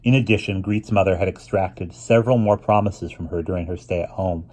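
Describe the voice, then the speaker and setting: Storybook reader, low and husky, calm pace, a few stumbles. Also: male voice. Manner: steady, unhurried reading with small restarts. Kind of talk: reading a children's novel aloud.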